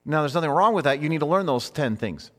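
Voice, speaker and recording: A man's voice: on the high side, animated, quick pace, fairly bright tone. A man teaching in a conversational sermon style, earnest and informal, often rephrasing himself mid-thought. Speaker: preacher teaching a class. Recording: long hall reverb.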